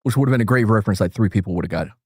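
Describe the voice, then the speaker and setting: A man's voice: lowish voice, very fast, a little mellow, dry recording, clean studio sound. A man streaming, chatting casually and rambling with jokes while reacting to a video with friends. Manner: rambling, joking, chuckles often. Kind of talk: casual chat.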